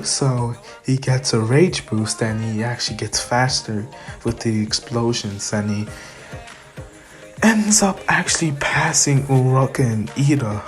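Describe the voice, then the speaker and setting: A woman telling a fan-made what-if story in a rambling, improvised way. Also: very deep voice. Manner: rambling, with many fillers and restarts.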